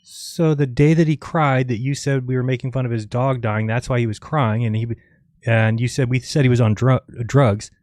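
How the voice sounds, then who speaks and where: A man's voice: mid-range voice, steady tone, normal speed, darkish tone, dry recording, clean studio sound. A man hosting a live call-in show, talking in a blunt, scolding, conversational way. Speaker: host.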